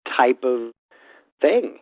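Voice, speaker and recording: A man joins the talk in a slow, halting way, repeating his first words before he makes his point. The recording is dry and muffled like radio. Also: medium pitch, very animated, dry recording. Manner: stammering restarts. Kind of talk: casual chat.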